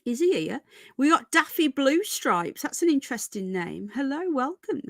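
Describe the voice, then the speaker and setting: A woman hosts a casual livestream from home, greeting each viewer by name and calling them darling and sweetheart. Her voice sits fairly high. The sound is dry and close, with little room around it. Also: sing-song, normal speed, creaky, dry recording. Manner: chatty, affectionate, calls viewers darling and sweetheart. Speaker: livestream host.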